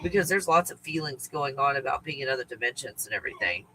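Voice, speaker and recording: A man's voice: mid-range voice, lively intonation, fast, sharp tone, slight background noise, low-quality recording. A man hosting a casual spiritual livestream, talking in a rambling, profane way and often laughing. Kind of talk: casual chat to viewers.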